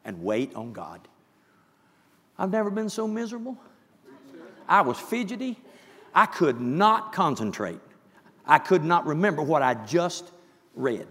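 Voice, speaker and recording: A man preaching a sermon, emphatic, dropping to hushed asides and rising to shouts. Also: fairly high pitch, vocal fry, big-room sound.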